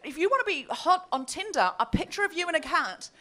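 A woman's voice: very high-pitched, brisk, noisy background. A woman telling a comic story on a live comedy podcast, reading out messages with relish. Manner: animated, reads out messages with relish. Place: comedy festival stage before a live audience.

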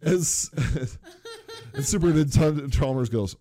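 A man's voice: fairly high pitch, measured pace, dark tone, no echo, clean studio sound. A man in casual chat, animatedly retelling cartoon scenes, laughing often and mimicking characters.

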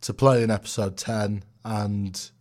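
A man's voice: lowish voice, fairly even intonation, a little slow, a little mellow. Jokey man hosting a podcast. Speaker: podcast host. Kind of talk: casual chat.

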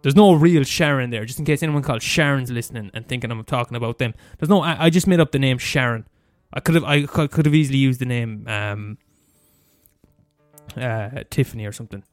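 A man's voice: mid-range voice, fairly quick, no room sound, clean studio sound, faint music behind. A man from Limerick with a Limerick Irish accent, ranting in a comedic monologue, profane and exasperated, often restarting and repeating himself. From Limerick, Ireland.

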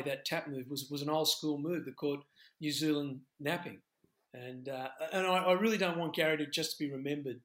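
Halting Australian man, former rugby coach. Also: fairly high pitch, a bit bright. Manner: halting, many restarts, reflective. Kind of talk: podcast discussion.

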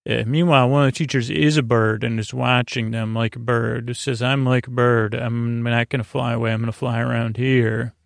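A podcast host calmly retelling a TV episode for a sleep show, halting and unhurried with lots of pauses. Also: male voice, medium pitch, gravelly, no room sound, clean studio sound. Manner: halting and unhurried, with many pauses and filler sounds; reads quoted lines in his own plain voice.

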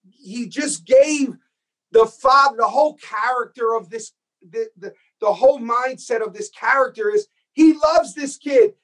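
A man interviewing an actor, animated and enthusiastic, acting out scenes as he tells the story. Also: very high voice, low-quality recording. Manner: enthusiastic, acts out quoted scenes. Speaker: host and filmmaker.

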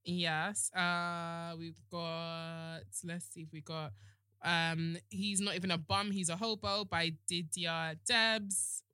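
A woman's voice: fairly low pitch, level tone, bright, forceful tone, smooth, dry recording, studio quality. A young woman, co-hosting a podcast in frank, playful casual chat. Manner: frank, playful, quick banter. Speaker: podcast co-host.

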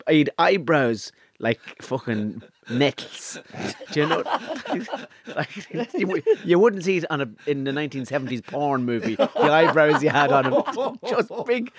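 An Irish man hosting a casual chat, telling profane, lively stories and mimicking voices. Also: fairly high pitch, measured pace, dry recording.

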